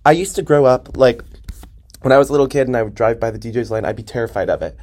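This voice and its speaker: A young man with a New Jersey accent, hosting a podcast and ranting in an animated, profane, exaggerated way from a basement. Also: mid-range voice, fast talker. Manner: animated, profane, hyperbolic ranting with frequent laughs. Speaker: podcast host. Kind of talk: casual comedic monologue. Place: parents' basement.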